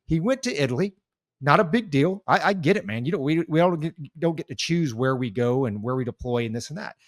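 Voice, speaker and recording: A man's voice: on the high side, animated, brisk, dry recording, studio quality. A man co-hosting a casual podcast talk, a veteran who speaks in heated, rambling bursts with many restarts. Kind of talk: casual chat.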